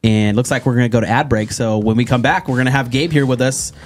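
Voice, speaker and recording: A man hosting a local talk show, talking casually with a relaxed, sometimes sarcastic manner and frequent laughter. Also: mid-range voice, fast, faint music behind. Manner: easygoing, laughs often, sarcastic asides. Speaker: host.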